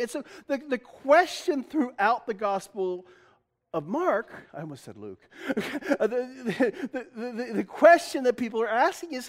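A man's voice: very high voice, animated, measured pace. A man preaching a sermon as pastor, chatty and self-deprecating, laughing often and restarting his sentences.

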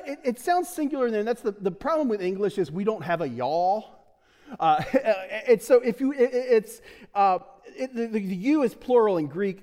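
A pastor with a fairly high, slightly mellow voice delivers a relaxed sermon packed with jokes, frequent chuckles, restarts and filler words. His speech fades into a long reverb, like he's talking in a big church hall.

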